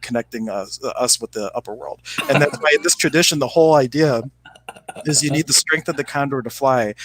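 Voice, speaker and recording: Brief: male podcast co-host, mid-pitched voice, relaxed and animated storyteller with lots of fillers. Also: slight background noise, rough recording. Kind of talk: casual spiritual chat and storytelling.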